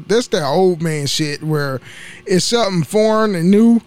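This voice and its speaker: Young guy with a high voice just rambling on his podcast, cussing and cracking himself up. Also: animated, measured pace. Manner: rambling, profane, laughs at himself. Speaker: podcast host. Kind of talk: casual solo podcast chat.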